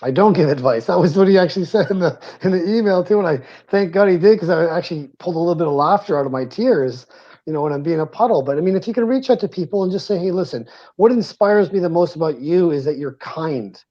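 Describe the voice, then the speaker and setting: A man's voice: high-pitched, animated, quick pace, no echo. A man in his forties, a podcast co-host, talking earnestly and reflectively in a casual panel chat and speaking openly about his feelings. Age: 40s. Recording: dull lo-fi sound.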